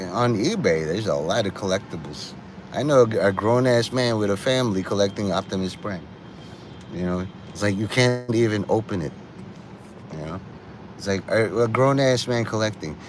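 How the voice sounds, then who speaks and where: A man's voice: on the low side, expressive, normal speed, background noise. A man hosting a livestream, rambling and profane, often laughing at his own jokes. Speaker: livestream host.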